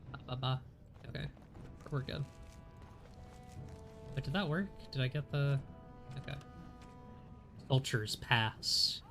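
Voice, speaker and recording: A man's voice: medium pitch, takes it slowly, creaky, pauses often. A congested man chats through a game stream, joking at his own expense. His voice sits mid-range. Faint game music plays in the background. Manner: chatty, self-deprecating. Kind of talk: casual gameplay commentary.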